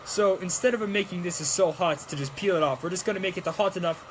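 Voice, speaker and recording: A young man, a prop-making streamer, chats casually and playfully while crafting a prop, sometimes tossing out mock-Italian exclamations. His voice is high-pitched and fast, with slight background noise.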